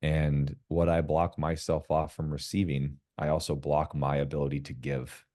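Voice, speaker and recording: A man's voice: rumbling low, level tone, moderate pace, dark tone. A man, a podcast guest, talking frankly in casual conversation, swearing freely and acting out quoted dialogue in other voices.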